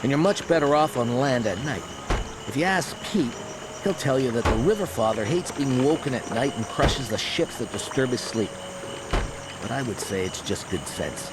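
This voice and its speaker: An actor playing a friendly, weathered ship captain in a fantasy game, speaking in measured storytelling dialogue. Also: male voice, medium pitch, lively intonation, heavy background noise, natural voice.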